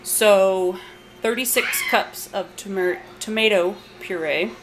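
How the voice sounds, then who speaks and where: Chatty mom in a noisy kitchen. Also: female voice, mid-range voice, slow. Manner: chatty, rambling, with fillers and asides to a child. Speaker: home cook and channel host. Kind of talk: casual cooking vlog. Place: home kitchen. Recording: home video with noticeable background noise.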